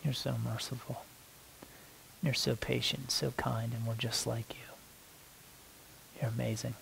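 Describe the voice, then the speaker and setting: A man praying aloud in spontaneous prayer, soft and halting, repeating words as he searches, sometimes dropping to a hushed near-whisper. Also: medium pitch, level tone, vocal fry, a little hiss or hum, rough recording. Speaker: worship leader praying aloud.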